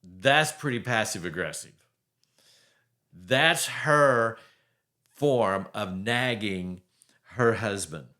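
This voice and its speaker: A man's voice: fairly low pitch, drawn-out words, pauses often, bright, forceful tone. A man hosting a faith-based marriage podcast, talking emphatically and conversationally with the odd wry chuckle. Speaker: podcast host.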